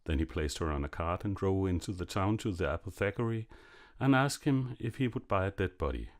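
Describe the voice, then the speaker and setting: A man narrating a classic fairy tale in a measured, expressive reading. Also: low voice. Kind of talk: storybook narration.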